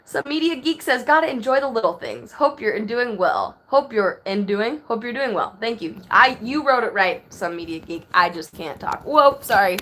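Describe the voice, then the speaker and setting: A chatty woman in her thirties hosts a live stream from her phone, rambling from one thought to the next and reading viewer comments aloud. Her voice sits a little high, and her talk runs loose and easygoing. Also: expressive, normal speed, few pauses, fairly bright tone. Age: 30s. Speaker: livestream host. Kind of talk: casual live-stream chat.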